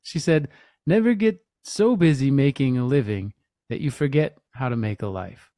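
A man's voice: medium pitch, lively intonation, moderate pace, mellow, dry recording, studio quality. A man co-hosting a podcast, chatting easily and reading a show introduction, with frequent laughs. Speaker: podcast co-host. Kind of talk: podcast chat and scripted intro.

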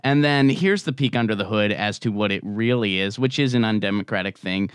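A male co-host weighs in during a casual discussion, thoughtful and measured. He often pauses to search for the right words. His voice is smooth and resonant, recorded dry and close. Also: on the low side, no room sound.

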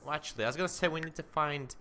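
A man's voice: a little high, very fast, sharp tone, a little hiss or hum. A young man casually commenting on his life-simulation game, chatting to his character as he plays. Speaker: gaming commentator. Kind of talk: casual let's-play commentary. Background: game music.

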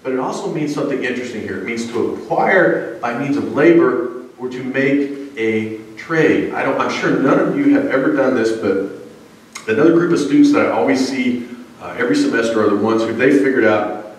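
A man's voice: medium pitch, a little fast, far from the mic. Conversational male preacher in an echoey church. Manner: conversational, storytelling, frequent uh fillers. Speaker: pastor and college psychology teacher. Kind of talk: sermon. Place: church sanctuary.

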